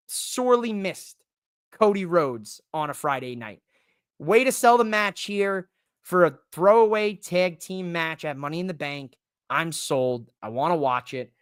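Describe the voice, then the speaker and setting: A man hosting a podcast, ranting casually about wrestling in an animated, profane, joking way. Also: high voice, smooth, no room sound, clean studio sound. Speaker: podcast host. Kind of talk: casual wrestling recap rant.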